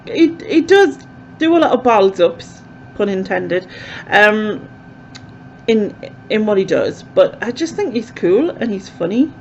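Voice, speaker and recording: A woman's voice: medium pitch, big pitch swings, a little slow, slight background noise. A woman chatting casually as a vlogger, rambling with lots of fillers, recorded with dull, lo-fi sound. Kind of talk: casual chat to camera.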